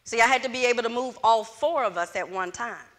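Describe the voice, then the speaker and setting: A middle-aged woman gives a motivational talk at a fairly high pitch. Her voice is bright and forceful, and she tells her story with energy. The sound carries a long echo from the hall. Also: a little fast. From Louisiana, USA. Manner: animated storyteller who acts out dialogue. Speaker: closing speaker at a student event. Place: event hall with student audience. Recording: echoey hall.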